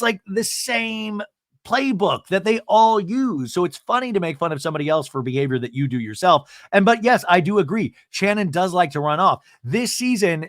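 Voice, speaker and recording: Lively, bright-voiced male recap host. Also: on the high side, dry recording, studio quality. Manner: animated, chatty, acts out quotes. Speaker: podcast host. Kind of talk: comedic reality TV recap.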